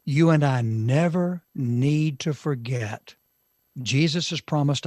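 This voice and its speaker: A man teaching from the Bible on a talk show, slow and emphatic, with dramatic pauses and sudden shifts in loudness. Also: fairly high pitch, no room sound.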